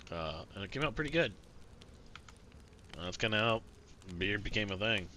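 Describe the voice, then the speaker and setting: A man with a deep voice talks through his gameplay in loose, rambling commentary. His tone is sharp and bright, with frequent swearing, fillers and restarts. Faint noise sits under the audio. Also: expressive, moderate pace. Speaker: streamer playing a survival role-play game.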